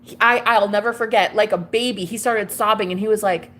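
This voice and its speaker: Young female vlogger, confessional and gushy, mid-pitch, slight room hiss. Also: steady tone, moderate pace, fairly bright tone. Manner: gushing, chatty, calls listener girl and babe. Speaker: tarot reader and vlogger. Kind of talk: casual confessional monologue to camera.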